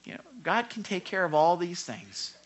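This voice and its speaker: A man preaching a sermon as pastor, emphatic and swinging between loud and hushed delivery. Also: sits high, lively intonation, normal speed.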